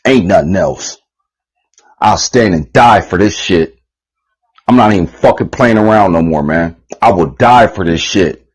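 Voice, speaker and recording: A man's voice: low voice, expressive, a little slow, slightly rough, low-quality recording. A man giving a rambling, heated, profane monologue on his channel, repeating himself and swearing often. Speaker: channel host.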